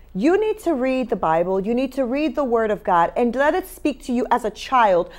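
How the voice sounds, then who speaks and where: A woman hosting a talk show in a studio, speaking emphatically and urging listeners with faith-based motivation, often repeating her key phrases. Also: sits high.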